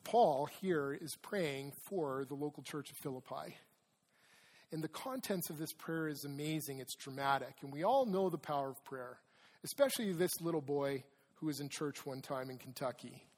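A man preaching in a conversational sermon style, with a fairly high voice for a man. He mixes personal asides into his message and reads scripture aloud with emphasis. A long church reverb trails each phrase. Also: normal speed, darkish tone. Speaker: pastor.

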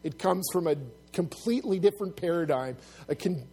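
A man's voice: animated, brisk, husky. A man preaching a sermon to his congregation, earnest and plain-spoken, often restarting his sentences. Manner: earnest, restarts often, rises loud and high when acting out mockers. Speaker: pastor.

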